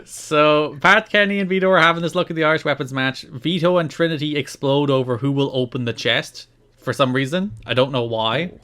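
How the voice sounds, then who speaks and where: A man co-hosting a podcast in casual chat, lively and sarcastic, often laughing. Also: a little high, a little fast, clear, resonant tone. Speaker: podcast co-host.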